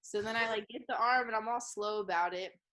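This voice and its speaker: A woman's voice: fairly high pitch, a little fast, fairly bright tone. A woman guest on a podcast, chatting casually and storytelling with many "like" fillers.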